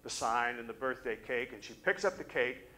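A man's voice: medium pitch, moderate pace, rough recording. Man preaching a story-filled sermon. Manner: animated storyteller, acts out quoted voices. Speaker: pastor. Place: church service.

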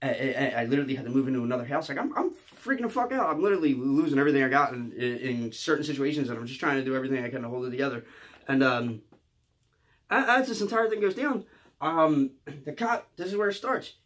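A man, telling a rambling, profane storytime monologue and ending lines with a quick "okay?". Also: mid-range voice, a bit bright. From Philadelphia area. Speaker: comedian.

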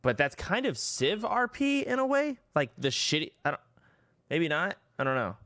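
Young male streamer, swings his pitch around a lot while he rambles and swears, dry close sound. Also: sing-song, moderate pace, sharp tone, no room sound. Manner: rambling, profane, exclaiming. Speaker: livestreamer. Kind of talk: casual stream chatter.

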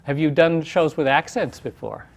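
A man's voice: a little high, moderate pace. Hesitant man hosting a local interview. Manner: hesitant, many uhs. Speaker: theater company president and host. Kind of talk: community TV interview.

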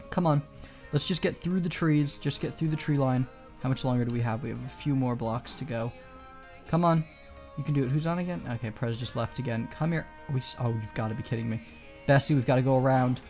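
A man giving casual, rambling commentary over his own gameplay, chatting to viewers and coaxing in-game animals along. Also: medium pitch.

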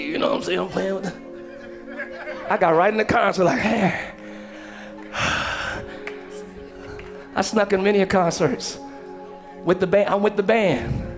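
A man preaches to his congregation with a strikingly high voice, swinging between casual slangy asides and shouted, animated passages. Steady music plays underneath him in the church sanctuary. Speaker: pastor. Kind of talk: sermon.

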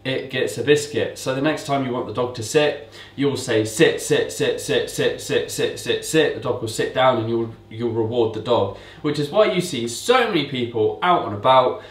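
A man of middle pitch walks viewers through dog training in a casual, explanatory way. He is recorded indoors at home, a little away from the mic, and the room echoes around him. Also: moderate pace, recorded from a distance. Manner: relaxed, explanatory, repeats commands to mimic owners. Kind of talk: casual instructional talk. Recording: roomy echo, speaker away from mic.

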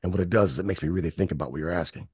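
A music producer from Michigan races through his stories during an interview, animatedly voicing the people he quotes. His low voice is slightly rough, and the sound is dry and clean, studio-grade.

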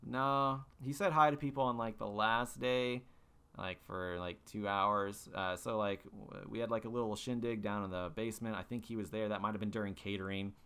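A young podcast host delivers a casual monologue, telling stories loosely and rambling with plenty of fillers and restarts. His voice is on the low side, clear and resonant, fairly bright, with fairly even intonation and a moderate pace.

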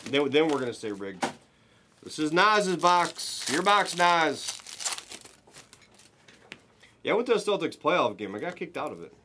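A man hosting a live card break, giving excited running commentary as he opens packs and chats with viewers. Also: on the high side, normal speed, long pauses, slight background noise.

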